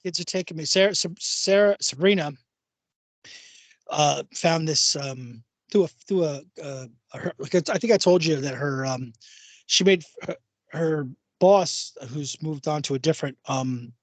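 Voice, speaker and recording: A man's voice: on the high side, a little slow, dry recording. A man chatting casually as a co-host, loose and profane, with frequent laughter. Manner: casual, swears, laughs often. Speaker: podcast co-host. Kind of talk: casual chat.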